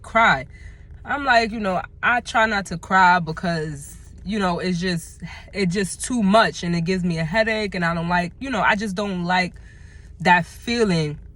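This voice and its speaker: A woman talking candidly in a personal vlog, halting and reflective, emotional as she searches for words. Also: lowish voice, a bit bright. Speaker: vlogger.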